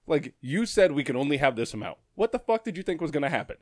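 A man's voice: a little high, fast, no room sound, clean studio sound. A man co-hosting a casual chat, telling a workplace story with a lot of swearing and frequent laughter. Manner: profane, animated, laughs often.

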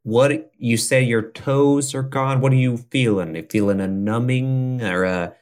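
A man voicing a brash frontier sheriff who talks roughly and rambles in a tabletop game. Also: medium pitch, fairly even intonation, unhurried, darkish tone, natural voice. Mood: urgent.

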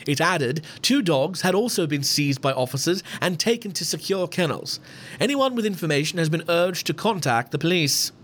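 A man putting on a British accent to play a formal male newsreader, reading slowly and evenly. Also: fairly high pitch, expressive, fairly bright tone. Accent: British, put on.

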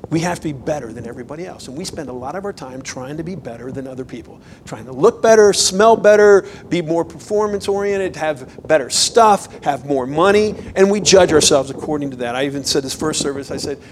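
Man, pastor, sermon, lively and emphatic, somewhat high voice, faint low rumble. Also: a little fast, hardly any pauses, poor audio. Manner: animated, conversational, rises to emphatic bursts.

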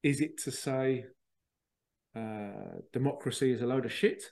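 A man's voice: medium pitch, unhurried, creaky, darkish tone. Rambling man hosting a podcast. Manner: rambling, digressive, mocks others in put-on voices. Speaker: podcast host. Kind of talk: casual spoken monologue.

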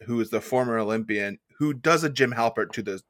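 A man's voice: mid-range voice, a little fast, a bit bright, no room sound, studio quality. A man co-hosting a podcast, talking casually and enthusiastically, with playful mock advice. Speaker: podcast co-host. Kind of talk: casual chat recapping a cooking show.

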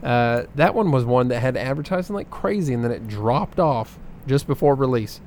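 A man's voice: mid-range voice, expressive, moderate pace, a little mellow, a little hiss or hum. A man co-hosting a casual podcast, running through figures with plenty of ums and uhs. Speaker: podcast co-host reading box office numbers. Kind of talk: casual chat.

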